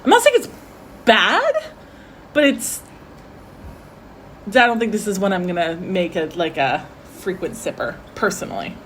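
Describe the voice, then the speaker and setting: A woman's voice: mid-range voice, sing-song, unhurried, long pauses, fairly bright tone, slight background noise. Chatty woman giving tasting notes. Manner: chatty, laughs often, self-deprecating. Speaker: whiskey tasting co-host. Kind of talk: casual tasting chat.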